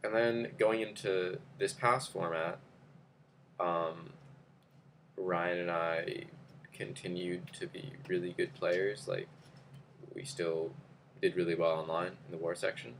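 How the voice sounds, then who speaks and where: A man's voice: sits low, little pitch movement, slow pace, long pauses, fairly bright tone, a little hiss or hum. A young man telling a story to camera in a casual, rambling way, with many fillers and restarts. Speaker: vlogger.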